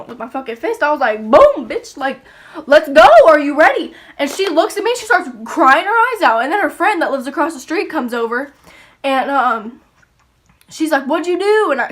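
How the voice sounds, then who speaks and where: A woman's voice: high voice, bright, forceful tone. A young woman telling a story casually, swearing freely and acting out the voices. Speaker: YouTuber.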